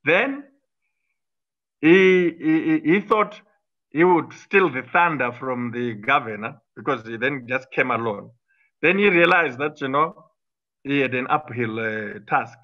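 A man's voice: medium pitch, measured pace, lo-fi sound. A middle-aged man, a former minister arguing combatively in an interview, with frequent fillers and restarts. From Zimbabwe. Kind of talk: political interview talk.

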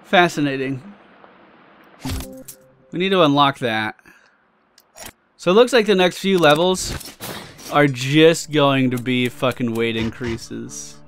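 A man hosting a let's play, giving casual gameplay commentary in an excitable way, swearing often and reacting loudly to loot. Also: mid-range voice, a little slow, long pauses, faint music behind.

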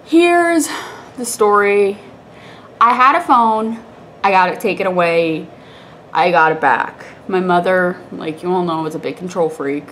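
A woman's voice: on the low side, unhurried, fairly bright tone. Young woman, congested, stuffy nose, chatty vlog story, faint background hiss. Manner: rambling, chatty, laughs often. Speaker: vlogger. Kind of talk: casual storytelling to camera.

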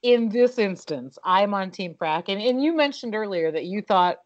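Animated woman co-hosting a podcast. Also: medium pitch, moderate pace. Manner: animated, opinionated, with profanity and restarts. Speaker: podcast co-host. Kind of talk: casual podcast chat. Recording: slightly dull, muffled audio.

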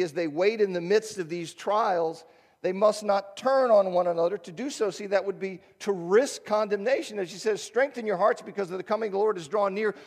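A man preaching in a church, his voice pitched high for a man and leaping up and down as he talks. He speaks conversationally, often stopping himself and firing rhetorical questions at the congregation. A long reverb hangs on his words. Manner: conversational, animated, self-interrupting with rhetorical questions. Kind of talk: sermon. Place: church sanctuary.

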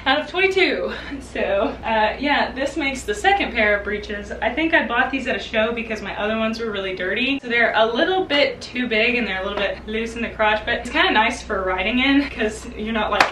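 A chatty, self-deprecating young woman with a bright, high voice, a little out of breath as she talks. She laughs often and sounds relaxed and casual. The camera mic sits some way off in an echoey room with faint noise. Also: normal speed, recorded from a distance. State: slightly out of breath from changing clothes. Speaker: equestrian vlogger. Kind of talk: casual vlog chat.

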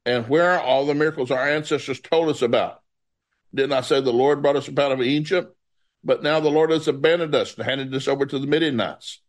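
A man's voice: medium pitch, fairly quick. A man preaching through a Bible passage, reading it aloud and breaking off into folksy asides.

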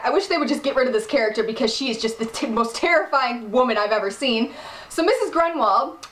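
High-pitched woman vlogger doing a fired-up, exasperated TV recap in an echoey room. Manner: animated, exasperated, emphatic. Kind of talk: casual episode recap.

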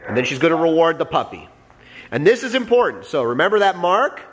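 Guy dog trainer explaining step by step, keeps asking "all right?", bouncy pitch. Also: big pitch swings, fairly quick, fairly bright tone. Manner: explanatory, coaching, frequent "all right?" and "okay?" check-ins. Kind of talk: instructional narration over demonstration.

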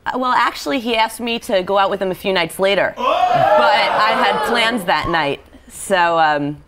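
A woman's voice: medium pitch, very animated, normal speed, heavy background noise. A woman, a guest on a talk show, telling a story about her date in a chatty, giggly way. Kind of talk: casual storytelling.

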